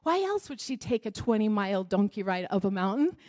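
A woman's voice: mid-range voice, lively intonation, brisk, darkish tone. A woman teaching a Bible story in a conversational sermon, often asking the audience questions.

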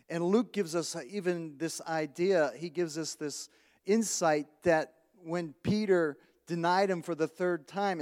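A man's voice: on the high side, darkish tone. A man preaching a conversational sermon, chuckling often, repeating words as he thinks, and asking the congregation questions. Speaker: pastor. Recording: long hall reverb.

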